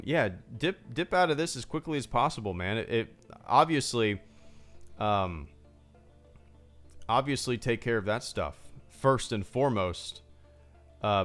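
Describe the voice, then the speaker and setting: A man's voice: medium pitch, a bit bright. Chatty, rambling male streamer. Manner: rambling, chatty, many restarts and fillers. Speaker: YouTube channel host. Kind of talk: casual livestream supporter Q&A.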